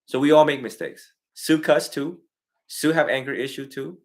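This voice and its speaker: Man, family counseling talk, animated, swings loud and soft. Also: on the high side, normal speed. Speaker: Buddhist monk counseling a family.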